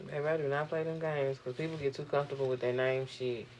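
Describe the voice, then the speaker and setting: A young woman vlogging, venting in a profane, animated, exasperated way. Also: a bass voice, quick pace, a little hiss or hum. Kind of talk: casual venting monologue.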